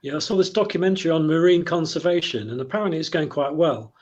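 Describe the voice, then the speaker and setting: A British man playing in an online pun contest, calling in on his phone and telling his puns with a quick laugh. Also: a little high, darkish tone, lo-fi sound. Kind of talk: casual comedy chat.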